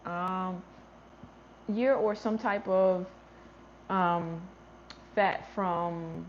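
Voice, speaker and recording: This gardening livestream host chats with viewers, answering their comments and reasoning out loud, with sentences that trail off and restart. She speaks on the low side in a steady tone, drawing out her words. Slight background noise sits under the dull lo-fi audio.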